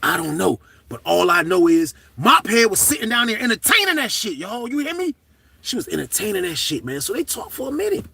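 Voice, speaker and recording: A man telling a comedic story in casual, slangy talk, swinging from hushed to loud. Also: high-pitched, big pitch swings, brisk, gravelly, slightly rough.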